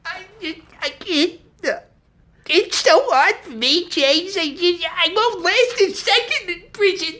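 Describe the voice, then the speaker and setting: A man's voice: fairly high pitch, normal speed, bright, forceful tone. A man playing an evasive, whiny movie mogul in a comedy sketch, stammering and full of self-pity. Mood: whimpering. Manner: stammering, self-pitying, breaks into wailing. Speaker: guest.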